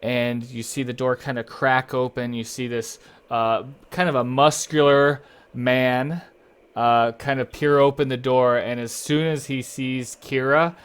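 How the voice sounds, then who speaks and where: A man narrating a tabletop fantasy game as game master, in a relaxed and halting way with many fillers. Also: medium pitch, slight background noise.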